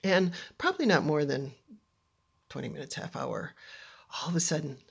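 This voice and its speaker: Husky woman telling a dramatic story. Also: sits low, normal speed. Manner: animated and dramatic, drops into hushed near-whispers. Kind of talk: personal story told to an audience.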